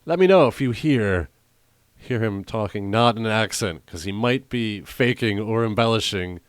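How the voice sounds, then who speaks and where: A middle-aged man with a lowish voice, bantering on a podcast. He teases and laughs a lot. The sound is dry and close. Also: moderate pace, smooth, no room sound. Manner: laughs often, teasing. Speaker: podcast co-host. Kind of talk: casual banter.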